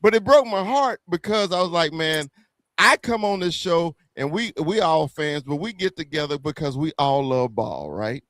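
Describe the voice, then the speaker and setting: A man from the American South with a Southern accent, a guest bantering on a fan podcast, animated, stammering and swearing. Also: on the high side, moderate pace, no echo. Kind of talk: heated casual banter.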